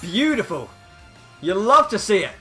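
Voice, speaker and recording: Excitable high-voiced man commentating a game. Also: measured pace, faint music behind. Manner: excitable, hyping up big plays. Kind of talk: live battle commentary.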